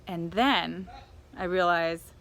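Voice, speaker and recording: A woman's voice: fairly low pitch, takes it slowly, a bit bright. A woman telling a personal travel story, laughing often and acting out the people she quotes.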